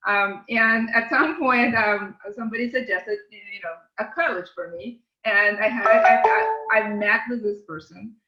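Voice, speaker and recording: A woman guest with a non-native English accent talks earnestly, pausing with hesitant fillers as she restarts her thoughts. Her voice is bright and clear-edged. The recording sounds roomy and echoey. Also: mid-range voice, faint music behind. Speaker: podcast guest, company CEO. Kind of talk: casual interview conversation.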